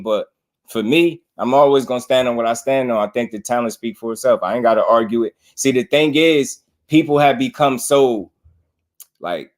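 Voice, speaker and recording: A New man hosts a casual boxing stream, talking straight to his viewers. He laughs easily as he goes. When he mocks his critics, he slips into teasing impressions of them. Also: medium pitch. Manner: laughs often, talks straight to chat; mocks critics in exaggerated voices. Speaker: boxing commentator and channel host. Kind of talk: casual live-stream commentary.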